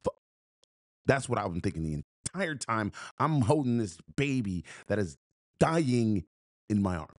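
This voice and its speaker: A man's voice: on the low side, sing-song, normal speed, darkish tone, dry recording, clean studio sound. A man telling a story on a podcast in an emphatic, punchy way, repeating phrases and restarting.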